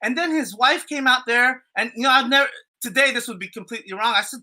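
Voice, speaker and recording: A man's voice: very high voice, fast, sharp tone. A man on a podcast telling a story in a casual, rambling way, swearing freely and full of fillers and restarts. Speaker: podcast co-host.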